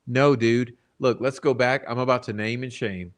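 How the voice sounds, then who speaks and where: Male channel host, mid-pitched voice, swears freely, talks to his viewers in an exasperated rant. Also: fairly even intonation, normal speed. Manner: profane, blunt, exasperated; addresses the chat directly. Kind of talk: ranting true-crime commentary.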